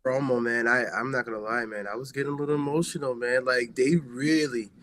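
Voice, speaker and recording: A man co-hosting a casual wrestling talk show. He rambles excitedly and circles back on himself, his voice sitting in an ordinary middle pitch. He loads his sentences with filler words. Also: fairly quick. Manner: excitable, rambling, heavy use of "like". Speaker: wrestling podcast co-host. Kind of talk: casual chat.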